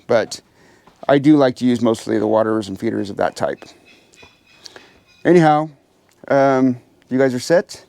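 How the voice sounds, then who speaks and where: A man's voice: medium pitch, measured pace, gravelly, pauses often, warm tone, dry recording. A man hosting a casual farm vlog from outdoor aviary pens, chatting to viewers and talking to his birds in a raised, coaxing voice. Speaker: pheasant farmer and channel host. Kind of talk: casual vlog narration while doing chores.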